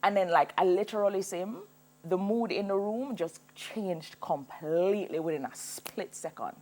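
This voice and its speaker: A woman in her thirties, a singer telling her own story as a TV guest, animated and laughing as she goes. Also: medium pitch, moderate pace. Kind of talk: personal storytelling in a TV interview.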